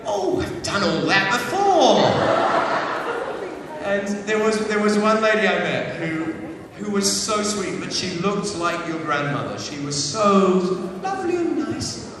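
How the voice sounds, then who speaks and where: A man's voice: high-pitched, very animated, a little slow, background noise. A man telling playful, self-mocking stories about his acting work to a live audience, with many restarts. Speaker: actor speaking to an audience. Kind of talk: casual anecdotes on stage. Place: large hall before an audience. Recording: echoey hall, far from the mic. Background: audience sounds.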